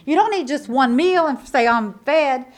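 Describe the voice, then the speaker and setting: Woman preacher with a high voice, emphatic, folksy sermon delivery that swings from loud to hushed. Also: lively intonation, normal speed. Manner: folksy, conversational asides to the congregation.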